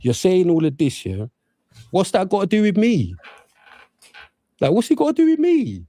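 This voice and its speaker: A man's voice: high voice, wildly swooping pitch, normal speed, mellow. A man speaking in a response video, defiant and repeating "do you get what I'm saying".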